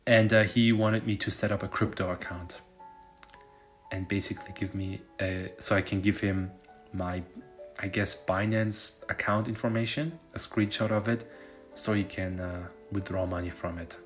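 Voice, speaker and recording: A man with a low voice talks in a loose, rambling way, with lots of fillers and casual swearing. Soft music plays behind him. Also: steady tone, normal speed. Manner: loose, profane, filler-heavy storytelling. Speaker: finance content creator.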